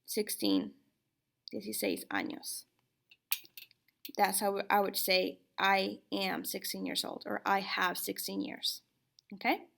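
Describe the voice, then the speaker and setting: Slow, patient woman teacher with gravelly tone. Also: medium pitch, fairly bright tone. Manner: slow and patient, checks in with "okay?". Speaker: Spanish teacher. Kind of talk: recorded classroom lecture.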